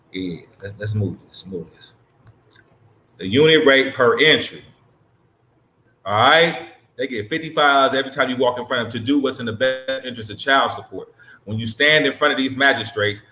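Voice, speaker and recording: A man hosts and reacts to a clip with casual commentary that is blunt, emphatic and profane. His medium-pitched voice has a sharp tone, and the sound is reverberant.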